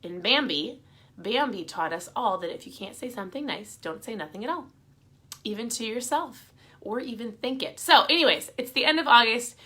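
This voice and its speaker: A woman's voice: a little high, expressive, moderate pace, sharp tone, husky. A middle-aged woman giving upbeat, encouraging motivational advice in a casual, chatty talk to her viewers.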